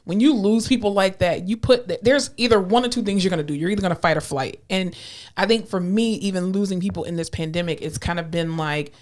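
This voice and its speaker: A woman ICU nurse co-hosting a podcast in casual chat, animated, acting out quoted voices with big pitch jumps. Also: fast talker. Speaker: podcast co-host.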